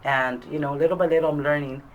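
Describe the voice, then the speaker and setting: A woman who graduated from adult school, talking in a casual interview, soft-spoken and hesitant with many fillers. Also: sits low, fairly even intonation, fast, highs cut off, a little hiss or hum.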